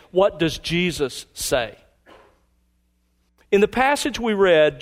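A man pastor preaching a sermon, teacherly and emphatic, slowing down to stress key phrases. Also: on the high side.

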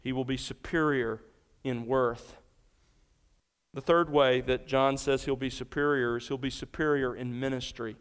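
A man's voice: mid-range voice, fairly even intonation, a little slow, smooth. A man preaching an expository sermon as pastor, earnest and emphatic, asking the congregation rhetorical questions. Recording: large hall with long reverb.

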